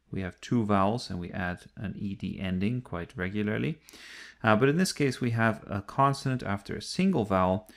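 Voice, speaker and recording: A man's voice: lowish voice, gravelly. A man teaching an English grammar lesson, explaining patiently step by step and repeating key points.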